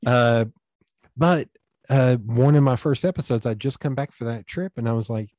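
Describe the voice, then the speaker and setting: Mellow man telling stories. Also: medium pitch, normal speed, dry recording. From East Tennessee, USA. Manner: rambling, anecdotal, acts out quoted dialogue. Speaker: podcast guest. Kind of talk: casual storytelling conversation.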